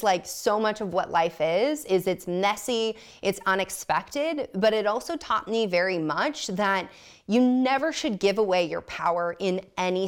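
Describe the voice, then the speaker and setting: A woman guest on a podcast telling a personal story candidly, blunt and self-mocking, often laughing. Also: mid-range voice.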